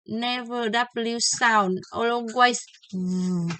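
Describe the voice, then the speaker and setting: A woman teaching English pronunciation, slowly and deliberately, repeating each example word several times. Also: fairly high pitch, steady tone, bright, forceful tone, rough recording. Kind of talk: slow pronunciation lesson with drilled example words.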